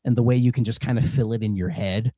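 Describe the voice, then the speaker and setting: A man's voice: mid-range voice, fast, dark tone, no room sound. Man, podcast co-host, casual rambling chat, swears a lot, dry close sound.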